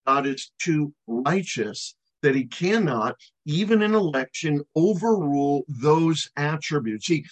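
Husky middle-aged man, pastor mid-sermon, emphatic, stretches key words and drops his voice at the ends of phrases. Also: a little high, animated, poor audio. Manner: emphatic, slows to stress key words, drops to near-silent on final words. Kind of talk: expository sermon.

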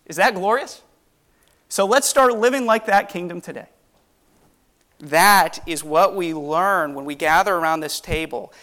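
A man's voice: sits high, a little slow, pushed and bright. Earnest man preaching a sermon. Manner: earnest, emphatic, rhetorical questions.

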